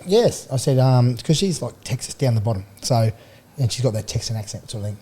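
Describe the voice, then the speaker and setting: A middle-aged Australian man tells a long anecdote, stumbling over restarts and breaking into laughter. His voice sits at an ordinary middle pitch for a man. He sounds relaxed and chatty. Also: a little fast, breathy edge. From Queensland, Australia. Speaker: podcast guest, former rugby league player. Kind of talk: casual storytelling chat. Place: radio studio.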